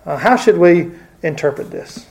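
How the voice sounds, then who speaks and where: Man, Bible teacher, fairly high voice, halting, casual lesson. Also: expressive, darkish tone. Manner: hesitant, many fillers and restarts.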